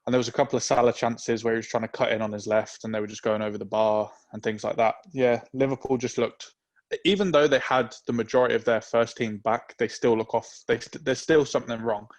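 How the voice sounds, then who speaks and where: A man co-hosting a casual football podcast, giving relaxed, opinionated takes. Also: mid-range voice. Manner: relaxed, opinionated, drawn-out reasoning. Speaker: podcast co-host.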